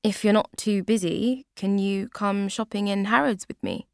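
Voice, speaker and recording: A woman's voice: medium pitch, moderate pace, gravelly, darkish tone, no room sound, studio quality, natural voice. A woman voicing a confident young man who speaks casually and directly in a storybook reading.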